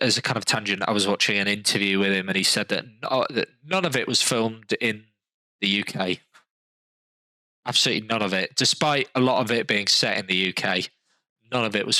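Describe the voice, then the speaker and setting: A man's voice: fairly low pitch, a little fast, sharp tone, dry recording, low-quality recording. A man from London with a London accent, hosting a podcast in casual chat, rambling with restarts and fillers. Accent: London English. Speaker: podcast host.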